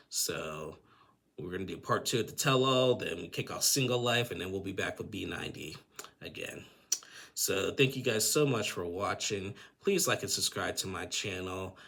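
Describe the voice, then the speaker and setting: Casting: chatty male recap vlogger, low gravelly voice. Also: fairly bright tone. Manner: chatty, acts out the couple's lines in quoted voices. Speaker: YouTube recap host. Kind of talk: casual reality TV recap.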